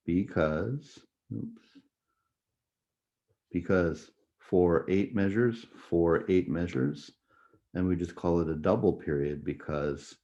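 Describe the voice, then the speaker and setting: Low-voiced man teaching music theory. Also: warm tone, muffled recording. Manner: explanatory, conversational, frequent "right?" and "okay?" checks. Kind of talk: recorded lecture review.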